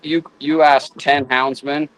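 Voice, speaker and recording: Halting, rambling man talking dogs. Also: fairly high pitch, flat delivery, fairly bright tone, poor audio. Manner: halting, repeats words while thinking. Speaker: guest houndsman. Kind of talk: casual chat.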